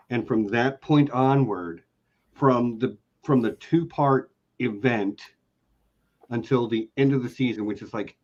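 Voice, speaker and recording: A man of middle pitch chats eagerly and emphatically on a casual podcast. His audio sounds dull and lo-fi, with the highs rolled off. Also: darkish tone. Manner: eager, emphatic fan talk. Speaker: co-host, long-time fan.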